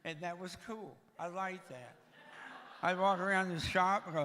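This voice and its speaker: A guest speaker in his 60s from Tennessee, USA jokes about himself while giving a humorous testimony in a church sanctuary, his heavy breathing clearly audible. He speaks at a normal speed in a high-pitched, sharp voice that reverberates through the hall.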